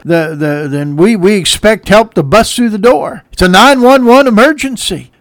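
A man preaching a sermon with emphatic delivery, swinging from quiet passages to loud shouts, and breaking into sung hymn lines. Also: high-pitched, no room sound, studio quality.

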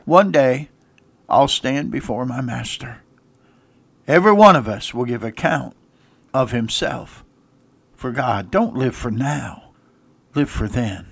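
A male pastor delivers a radio sermon with an emphatic, repetitive call-and-response drive. His voice sits in an ordinary middle pitch. The recording is dry and close, with no room sound. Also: lively intonation, measured pace, dry recording. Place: church radio broadcast.

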